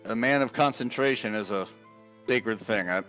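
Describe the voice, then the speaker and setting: A man's voice: fairly low pitch, normal speed, a bit bright, faint music behind, lightly acted. A man voicing a theatrical male storyteller who delivers dry, mock-solemn lines. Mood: apologetic.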